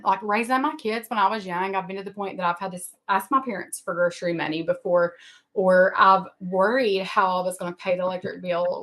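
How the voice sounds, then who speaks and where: A woman's voice: mid-range voice, pushed and bright. A middle-aged woman, hosting a casual livestream and talking in a rambling, emotional, self-deprecating way. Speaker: livestream host. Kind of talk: casual live-stream chat.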